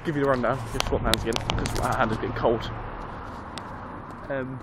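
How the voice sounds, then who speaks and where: A young man records a casual vlog on a handheld phone amid street noise, telling a meandering story laced with swearing. He speaks at a normal speed with a medium pitch and fairly even intonation.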